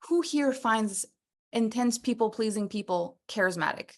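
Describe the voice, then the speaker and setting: A woman coaching a personal development workshop, animated and playful, acting out little scenes as she teaches. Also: medium pitch, normal speed.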